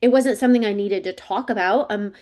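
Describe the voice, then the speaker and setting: This forties-aged woman, a psychic coach, tells her life story during an interview with an easygoing, talkative manner, putting on animated voices whenever she quotes someone. She talks at a medium pitch and a bit quickly.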